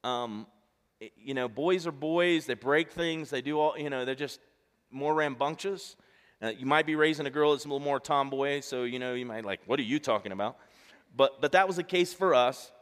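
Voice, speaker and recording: A middle-aged male pastor gives a sermon in a relaxed, conversational style, sharing family stories and acting out the dialogue. He speaks at medium pitch and normal speed. The long reverb of a large hall surrounds his voice.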